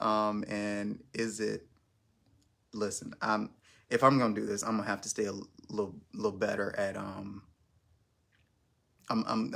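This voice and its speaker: A man's voice: lowish voice, vocal fry, fairly bright tone. A man hosting his first live stream, chatting casually in a rambling, self-conscious way with lots of restarts.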